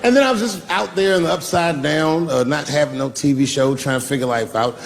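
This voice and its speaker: A man telling a profane, animated stand-up story and acting out the people in it. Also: on the high side, fairly quick, long reverb tail, a crowd in the background, background noise. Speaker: stand-up comedian.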